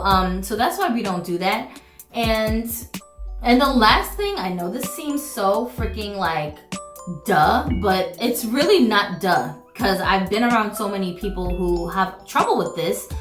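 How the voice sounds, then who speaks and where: A woman's voice: medium pitch, fairly bright tone. A woman giving casual advice in a vlog, chatty and full of fillers, acting out what other people say. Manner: chatty, many fillers, acts out quoted people. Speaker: vlogger. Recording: echoey room with faint music.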